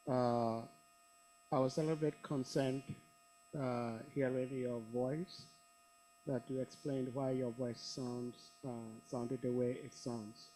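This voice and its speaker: A man's voice: mid-range voice, steady tone, takes it slowly, warm tone, rough recording. A man moderating an online scripture class, politely thanking the speaker and inviting questions. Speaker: session moderator. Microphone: video call.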